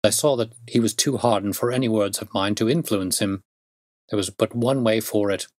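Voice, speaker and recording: A man reading a classic detective story aloud in a measured, steady narration. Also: fairly low pitch, dry recording. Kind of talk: audiobook narration.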